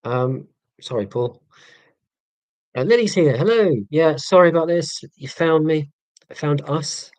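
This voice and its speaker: A man's voice: a little high, a little slow, pauses often, darkish tone, dry recording. A man in his forties from northeast Scotland, hosting a casual live stream and chatting through viewer comments in a rambling, self-deprecating way with many ums and restarts. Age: 40s. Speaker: livestream host.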